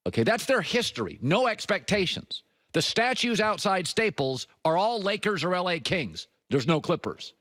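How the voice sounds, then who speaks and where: A middle-aged male sports talk host with a lively, highly animated voice that leaps up for punchlines and drops low to confide. He talks emphatically into a dry, close studio mic. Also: normal speed, no echo. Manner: emphatic, swings between high punchy lines and low confiding tones. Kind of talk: opinionated sports commentary monologue.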